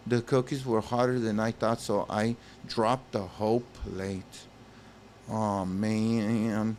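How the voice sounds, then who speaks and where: A man with a lowish, darkish voice speaks slowly and steadily while reading a story game's text for his gaming channel. He pauses to shout reactions to his viewers, whom he calls "guys." A bit of hiss or hum is audible.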